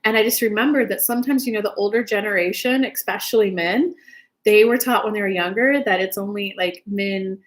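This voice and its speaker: A woman's voice: medium pitch, fairly quick. A woman giving casual spiritual relationship advice, chatty and loose, cursing now and then and acting out little dialogues. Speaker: spiritual advice channel host.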